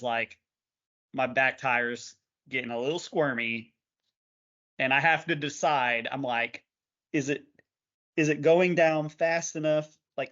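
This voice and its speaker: A man co-hosting a podcast, telling a lively race story in casual chat and laughing along. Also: mid-range voice. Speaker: podcast co-host. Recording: dull lo-fi podcast audio.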